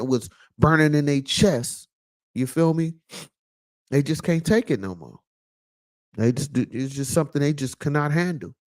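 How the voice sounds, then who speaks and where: A vlog host with a fairly high, slightly mellow voice rambles through a casual, preachy monologue. Fillers crop up constantly, and he repeats lines for emphasis.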